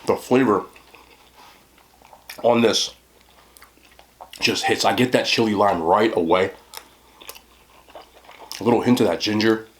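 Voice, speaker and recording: A young man chatting casually to camera as a mukbang vlogger, laid-back and talking between bites with his mouth full. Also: lowish voice. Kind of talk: casual talk to camera while eating.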